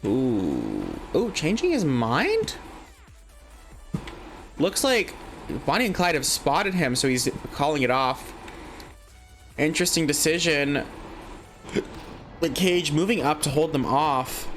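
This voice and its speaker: Chatty excitable male game caster. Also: a little high, takes it slowly, pauses often, soft background music. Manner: chatty, excitable, asks questions aloud. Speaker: esports caster. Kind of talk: live play-by-play game commentary.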